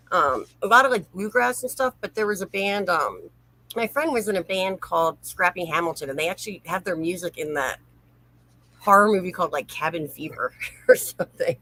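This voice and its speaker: A woman's voice: lowish voice, pushed and bright, husky, rough recording. A woman hosting a casual late-night livestream, reading viewer comments aloud and chatting, laughing easily. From North Carolina, USA. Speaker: livestream host.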